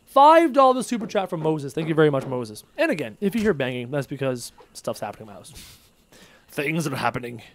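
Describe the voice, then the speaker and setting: A man livestreams gameplay, talking briskly in a fairly high voice. The chat is casual and animated; he jokes and voices viewer messages as they come in.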